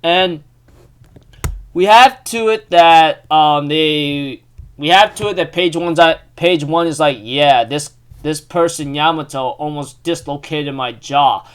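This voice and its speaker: A man's voice: a little high, slow pace, clean tone. A young man casually recapping a comic chapter, rambling with many fillers and frequent laughs. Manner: excitable, rambling, laughs often, lots of fillers. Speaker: manga recap host.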